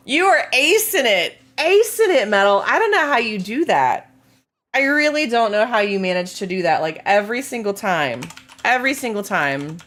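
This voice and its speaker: A woman's voice: mid-range voice, fairly bright tone. A woman game streamer in casual live-stream chat, bubbly and playful as she talks to her viewers.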